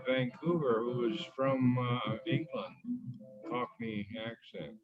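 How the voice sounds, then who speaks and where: An older man being interviewed, reminiscing in a halting way with many fillers and restarts. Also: mid-range voice, steady tone, highs cut off, loud music behind the voice. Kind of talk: casual reminiscing chat. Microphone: video call.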